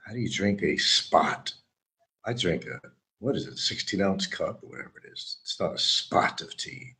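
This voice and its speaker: A man's voice: deep voice, normal speed, vocal fry, pushed and bright. A man streaming a rambling, sarcastic monologue, mocking and teasing his viewers.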